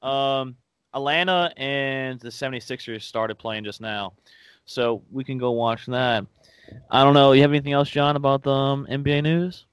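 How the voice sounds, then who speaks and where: A man's voice: medium pitch, fairly even intonation, normal speed, smooth, no echo. A man hosting a casual sports podcast, talking in a rambling way with plenty of fillers. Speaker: podcast host.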